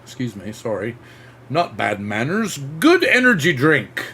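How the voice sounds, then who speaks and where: Gravelly-voiced excitable male host. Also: medium pitch, unhurried. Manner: excitable, acts out sound effects, rambling restarts. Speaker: drone show host. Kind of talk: casual live-stream chat.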